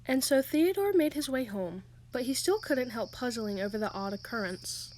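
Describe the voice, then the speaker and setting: A young woman narrating a story in a calm, even storytelling manner. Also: on the high side, moderate pace, very noisy. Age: young adult.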